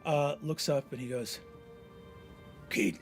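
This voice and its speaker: A man's voice: fairly high pitch, moderate pace, soft background music. A man serving as game master, narrating a tabletop game in a rambling way with many fillers.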